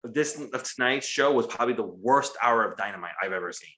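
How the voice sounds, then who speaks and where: A young man in a casual post-show chat, recapping a wrestling show in a profane, animated way. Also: mid-range voice, fast talker. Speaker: podcast co-host.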